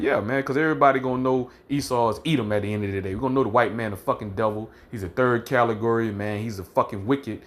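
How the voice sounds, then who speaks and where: A man preaching fiercely and profanely, ending nearly every phrase with "man" and slowing down to read scripture verses aloud. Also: mid-range voice. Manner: reads scripture verses slowly and deliberately. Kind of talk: fiery street-style preaching with scripture reading.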